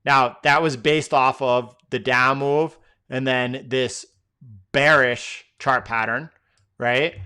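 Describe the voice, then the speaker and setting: A man's voice: mid-range voice, fairly even intonation, slow pace, sharp tone, smooth. A man hosting a live trading stream, answering viewer questions in a loose, rambling way with many fillers and restarts.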